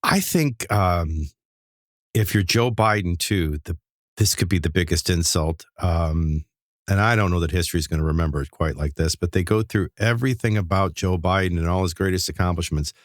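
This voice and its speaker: A man who hosts a radio talk show, chatting about politics in an emphatic, incredulous, rapid-fire way. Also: low-pitched, dry recording, studio quality.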